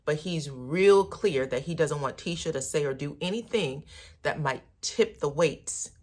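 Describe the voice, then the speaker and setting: Low-voiced sassy woman recapping reality TV. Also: animated, unhurried, darkish tone. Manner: sassy, chatty, addresses viewers as honey and baby. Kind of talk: casual gossipy recap.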